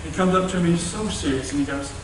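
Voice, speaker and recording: A young man delivers a folksy, animated youth sermon in a high voice. He sounds distant from the mic, his words bouncing around a very echoey church. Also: quick pace, background noise. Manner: animated, folksy storytelling with playful asides. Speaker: youth revival speaker. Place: church sanctuary.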